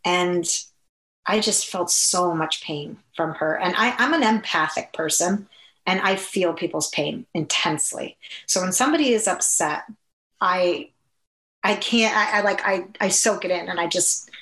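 A woman from the US Upper Midwest, appearing as an interview guest, tells an emotional personal story earnestly, with halting restarts. Her voice is on the low side and a bit bright, and the audio is poor and reverberant.

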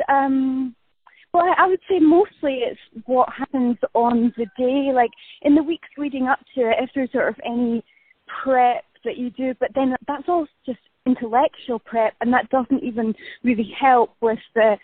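A woman actress chatting in a casual remote interview, bubbly and quick to laugh, talking while walking outdoors. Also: high-pitched, no echo. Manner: bubbly, laughs often, self-deprecating. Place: outdoors walking past a building site. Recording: tinny phone-line audio, dry.

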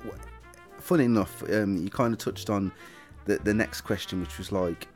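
Man, host, casual interview, halting, restarts, fairly low pitch. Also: a little mellow, soft background music. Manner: halting, lots of ums and restarts. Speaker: actor, podcast host asking questions.

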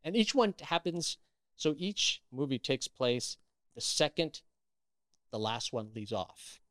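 A man's voice: medium pitch, big pitch swings, takes it slowly, a bit bright, no room sound, studio quality. A man, an actor, chatting as an interview guest, telling stories animatedly with many restarts. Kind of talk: casual interview chat.

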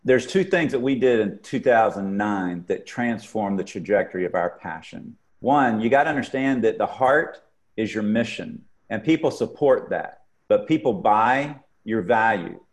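A man's voice: lowish voice, lively intonation, normal speed. A man co-hosting a podcast, explaining his points in an emphatic, conversational way. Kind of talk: casual podcast chat.

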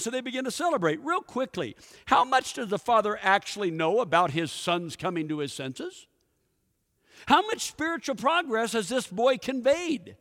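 A pastor giving a sermon, telling a story and putting questions to the congregation. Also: male voice, very high-pitched, very animated, moderate pace, a bit bright. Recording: echoey hall with long reverb.

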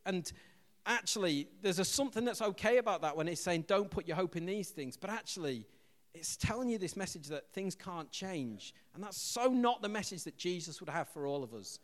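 An English man preaching a sermon as pastor, an animated storyteller who acts out quotes loudly. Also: sits high, moderate pace, big-room sound. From England.

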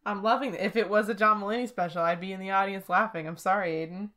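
A woman's voice: medium pitch, fairly even intonation, quick pace, a bit bright. A woman co-hosting a podcast, chatting casually in a giggly, teasing, enthusiastic way. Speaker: podcast co-host. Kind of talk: casual comedic chat.

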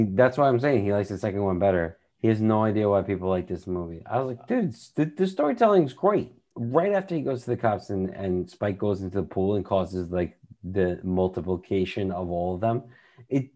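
A man's voice: low voice, moderate pace, dark tone. A man co-hosting a casual movie podcast, rambling loosely with lots of fillers and swearing. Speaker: podcast co-host.

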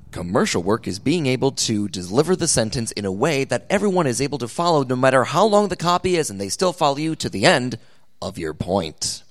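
A man speaking on a convention panel, giving animated, jokey advice on voice acting. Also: mid-range voice.

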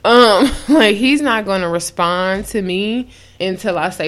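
A young woman co-hosting a podcast in casual chat. She tells stories in a lively, frank way, acts out quotes and swears freely. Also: medium pitch, normal speed, hardly any pauses. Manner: animated storytelling, acts out quotes. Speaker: podcast co-host.

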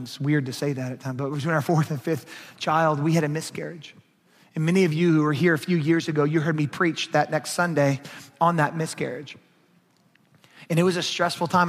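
Emphatic high-voiced pastor preaching. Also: male voice. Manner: emphatic preaching, swings from hushed to raised. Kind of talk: sermon. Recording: long hall reverb.

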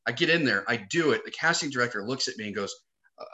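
Animated man telling a story, bright voice. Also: medium pitch, fast talker. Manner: animated storyteller, swears casually. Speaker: actor and comedian guest. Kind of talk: casual conversation.

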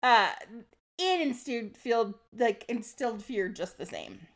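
A woman's voice: on the high side, very animated, measured pace. A woman co-hosting a podcast, explaining history in a casual chat and laughing often. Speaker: podcast co-host.

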